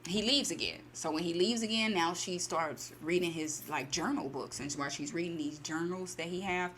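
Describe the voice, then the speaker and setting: A woman's voice: lowish voice, moderate pace, a bit bright, slight background noise. A woman casually retelling a short story in her own words, chatty and full of fillers, acting out the lines of the characters. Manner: chatty, many fillers and quoted asides. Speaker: story channel host.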